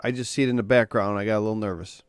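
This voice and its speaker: A man's voice: fairly low pitch, fairly even intonation, rapid-fire, clear, resonant tone, no room sound. A man co-hosting a casual comedy podcast, friendly and telling jokes. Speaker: podcast co-host.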